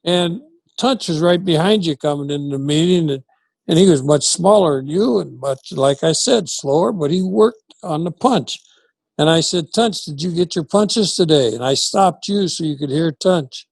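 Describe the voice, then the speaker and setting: With noticeable vocal fry and a slightly high pitch, a former football coach in his later years talks at normal speed as an interview guest. He acts out quoted dialogue as an animated storyteller, and there's no echo.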